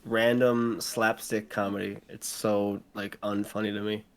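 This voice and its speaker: A man with a lowish voice co-hosts a casual podcast, grumbling bluntly about what he dislikes. Faint noise sits under the recording. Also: little pitch movement, unhurried. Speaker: podcast co-host. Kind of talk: casual chat.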